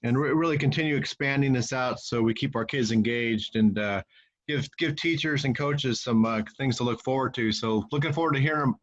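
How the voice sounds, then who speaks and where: A man's voice: mid-range voice, fairly quick. A man giving casual welcome remarks on a video call, rambling, with many fillers. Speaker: webinar host. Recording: dull lo-fi call audio.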